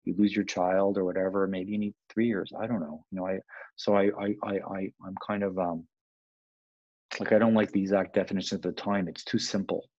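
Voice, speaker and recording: A man's voice: low-pitched, flat delivery, brisk, darkish tone, dry recording, muffled recording. A man who works as a palliative care doctor, answering interview questions in a reflective way, with many restarts and "you know" fillers.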